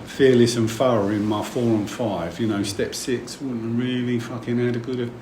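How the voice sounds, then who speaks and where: At a moderate pace and with a steady, mid-range tone, a middle-aged man shares his story at a recovery meeting. His talk is frank and somewhat emotional, rambling and laced with swearing. The recording has room echo and background noise.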